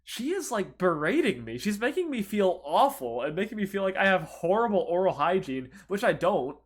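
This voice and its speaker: A young man with a slightly high voice tells stories on a casual podcast. He is loud one moment and mumbling the next, and he swears freely. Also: moderate pace. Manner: animated, profane, swinging between loud outbursts and mumbling. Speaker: podcast co-host.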